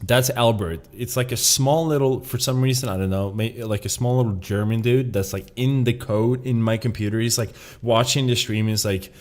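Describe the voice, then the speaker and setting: A man's voice: medium pitch, steady tone, normal speed, hardly any pauses, darkish tone. A man streaming a game, chatting casually in a rambling, profane, self-mocking way. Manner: rambling, profane, laughs at himself. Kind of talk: casual live-stream commentary.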